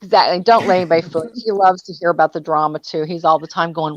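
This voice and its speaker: A woman's voice: mid-range voice, fast talker, highs cut off. A woman in a casual live chat, telling stories and easily amused. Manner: chatty storytelling, easily amused. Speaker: co-host of a live gossip chat.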